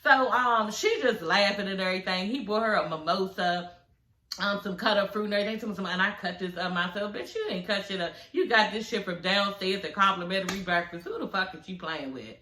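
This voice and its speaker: A woman doing an animated, profane, laughing recap of a reality show in casual chat. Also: mid-range voice, a little fast, echoey room. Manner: animated, cussing, laughing often.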